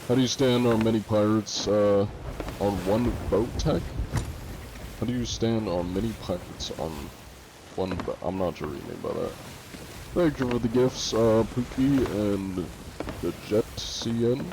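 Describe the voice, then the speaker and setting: A man's voice: fairly low pitch, a little slow, noisy background. A male streamer in casual live-stream chat, reading and answering viewers' messages offhandedly, with some swearing.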